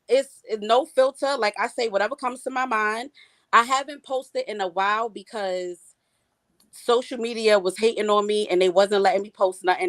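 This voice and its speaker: Panel guest: a frank woman with a Brooklyn accent, mid-pitched, dry sound. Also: fairly bright tone, no echo. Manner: frank, laughs easily. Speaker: guest podcaster. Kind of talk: casual panel chat.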